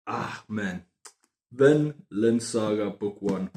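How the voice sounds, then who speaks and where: A man chatting casually about books on his video channel, excitable and prone to repeating himself. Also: on the low side, slow. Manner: excitable, repeats words and phrases. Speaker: book vlogger. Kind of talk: casual book review chat. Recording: roomy echo.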